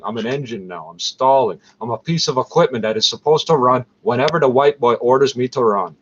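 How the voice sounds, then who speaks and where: A man's voice: mid-range voice, very animated, normal speed, fairly bright tone. A Canadian man in pain, ranting heatedly and profanely in an angry vlog monologue. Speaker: vlogger. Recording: dull lo-fi recording with faint noise.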